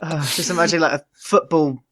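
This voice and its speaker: A man's voice: fairly high pitch, a little fast, fairly bright tone. A young man co-hosting a podcast, wry and self-mocking, laughing often. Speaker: podcast co-host. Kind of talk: casual comedic chat.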